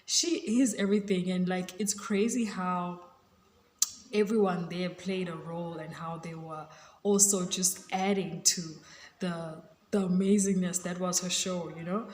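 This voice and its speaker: A woman's voice: on the low side, fairly even intonation, unhurried, darkish tone, slight background noise. Gushing woman in an echoey room. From South Africa. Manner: gushing, chatty, fills with "like" and "you know". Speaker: vlogger. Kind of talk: casual chat to camera.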